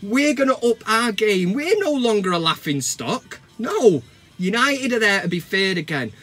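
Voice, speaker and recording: A man hosts a comic football fan vlog, talking into his camera with a fairly high voice. He rants and swears in a mock-sentimental way, swinging from hushed solemnity to loud mockery. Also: big pitch swings, unhurried. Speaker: fan channel host. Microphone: camera mic.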